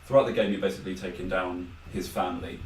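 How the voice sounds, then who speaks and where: Deep-voiced man recapping a game. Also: fairly even intonation, fast, recorded from a distance. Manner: rambling, filler-heavy retelling with quoted asides. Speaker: podcast co-host. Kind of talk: casual chat, game recap. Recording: echoey room, off-mic, faint noise.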